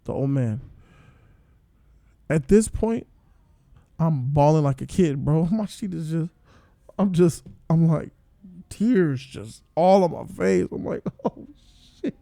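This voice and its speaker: Guy reviewing a show casual, kinda high voice, swears a lot and gets all worked up, dry sound. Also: takes it slowly, vocal fry, long pauses, dry recording. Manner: excitable, profane, rants with loud outbursts.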